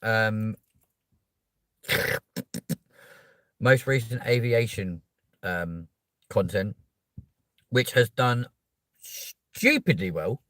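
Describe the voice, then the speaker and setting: A man's voice: fairly low pitch, expressive, very slow, pauses often, no room sound. Chatty London man hosting a livestream. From England. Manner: chatty, cheeky, bursts of loud hype for subscribers. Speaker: livestream host. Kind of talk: casual live chat reading comments.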